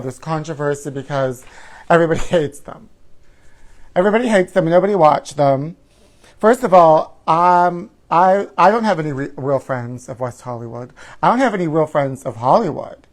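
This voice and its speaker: A middle-aged man hosting a campy live talk show, sassy and theatrical, calling his viewers honey and darling and chanting catchphrases in a sing-song way. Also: on the high side. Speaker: host. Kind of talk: campy casual live-stream chat.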